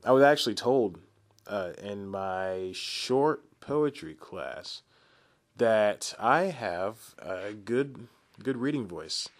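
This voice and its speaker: A man in his twenties hosts a podcast by himself, speaking slowly but animatedly in a fairly low voice. He rambles and makes fun of himself, laughing often and breaking off into asides and restarts.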